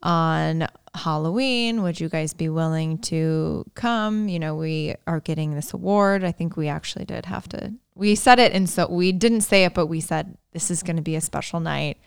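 A woman in her thirties co-hosting a podcast, telling stories in a chatty, animated way. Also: low-pitched, normal speed, gravelly, hardly any pauses, clean tone, no echo, studio quality. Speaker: podcast co-host. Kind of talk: casual chat.

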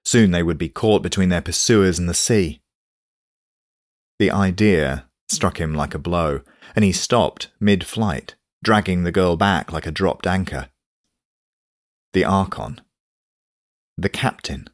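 A man reading a novel aloud in steady, measured scripted narration. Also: sits low, no echo, studio quality. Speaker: audiobook narrator.

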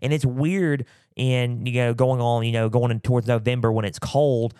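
A man talks college football in a loose, rambling way, circling back and filling gaps with "you know". His voice sits at an ordinary pitch and sounds close and dry, with a throat that keeps catching. He sometimes turns away from the mic. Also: flat delivery, normal speed, warm tone, smooth, no room sound. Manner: rambling, repeats himself with many fillers. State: clearing a scratchy throat. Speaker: podcast host. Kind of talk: casual sports talk. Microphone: close mic, sometimes turning away.

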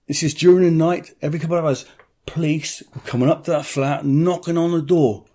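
A man's voice: a little high, steady tone, brisk, dark tone. A middle-aged man, telling a story bluntly in an interview, swearing freely and acting out other people's voices.

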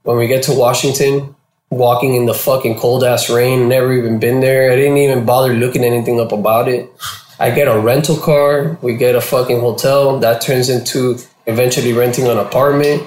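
A man from Florida, a guest in an interview, telling his story casually with heavy slang and swearing, and getting animated when he quotes people. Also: medium pitch, a little fast. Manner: profane and slangy, animated when quoting others. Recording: roomy echo.

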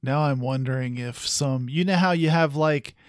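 A man's voice: mid-range voice, normal speed, no room sound. A man playing along in a casual quiz segment, talking himself through his answers. He teases the other players now and then. The sound is close and dry. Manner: thinking aloud, teasing. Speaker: show regular, contestant. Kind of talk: casual chat.

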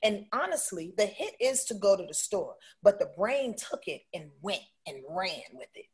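Husky lady guest, emphatic, keeps saying right?. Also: mid-range voice, sing-song, moderate pace, a little mellow. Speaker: guest, intuitive astrologer. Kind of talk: casual conversational interview.

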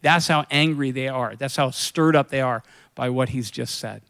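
This pastor's voice sits in the mid-range, gravelly and slightly bright, moving at a normal speed. He talks through his sermon conversationally, asking the congregation things and voicing the people he quotes.

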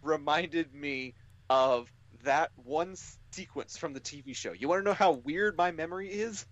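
A man's voice: a little high, a little slow. Jokey male co-host on a dull mic. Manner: rambling, jokey storyteller. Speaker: podcast co-host. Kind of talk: casual podcast chat.

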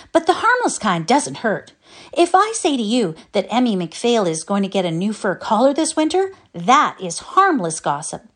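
A sunny yet anxious young girl from a storybook, earnestly explaining fine distinctions, read by a woman. Her voice rises high and falls again in a lively way.

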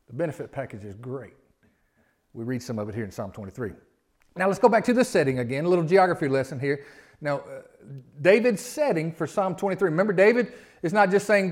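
High-voiced preacher. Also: male voice. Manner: conversational preaching, swings from loud emphasis to quiet asides. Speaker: pastor. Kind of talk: sermon. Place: church sanctuary.

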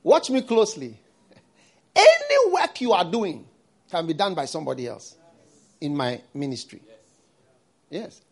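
Male preacher, very high voice, emphatic and repetitive delivery, studio sermon. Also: huge pitch swings, unhurried, long pauses. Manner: emphatic, repeats words, asks the audience rhetorical questions.

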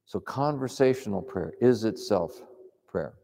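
A man preaching in a calm, reflective, conversational way, teaching on prayer. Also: on the low side, unhurried, vocal fry, slight background noise. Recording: long hall reverb.

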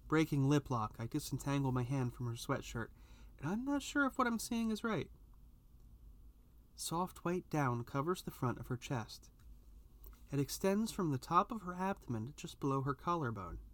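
A man reading a first-person story aloud, with an expressive delivery that rises at tense moments. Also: fairly high pitch, normal speed. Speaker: narrator.

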